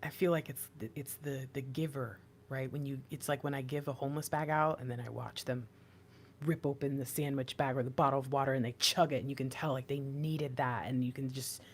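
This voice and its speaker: Young woman doing a tarot reading, low voice, rambly and excited. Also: brisk, a little hiss or hum. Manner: rambling, excitable, breaks into laughs. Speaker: tarot reader.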